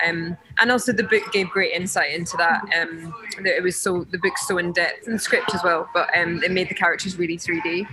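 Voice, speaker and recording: A woman with a Scottish accent, an actress talking reflectively in a video-call interview, with many ums and pauses. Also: lowish voice, low-quality recording. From Scotland.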